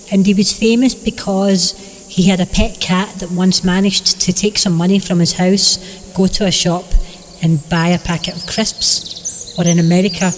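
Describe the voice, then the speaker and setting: A man telling a rambling comic story in a deadpan, meandering way. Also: sits high, in a large hall, a little hiss or hum.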